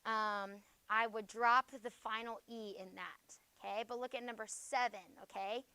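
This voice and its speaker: A woman's voice: a little high, steady tone, unhurried, pushed and bright, smooth, no echo. A woman teacher giving a spelling lesson to a class, checking in with "okay?" after nearly every phrase.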